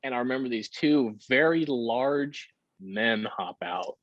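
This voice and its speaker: A man telling his story candidly in a casual interview, with halting fillers and the odd curse. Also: mid-range voice, animated, fairly bright tone, no room sound. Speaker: podcast guest. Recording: dull lo-fi sound.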